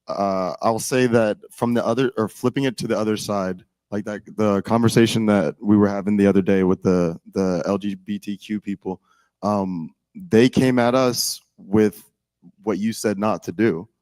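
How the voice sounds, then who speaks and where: A man's voice: fairly low pitch, moderate pace, darkish tone, no room sound. A young man in casual political chat, rambling with many "like"s and restarts.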